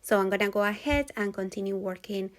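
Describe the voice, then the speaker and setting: A woman giving a calm, patient step-by-step crochet tutorial voice-over, repeating each step clearly. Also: medium pitch, quick pace. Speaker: crochet instructor.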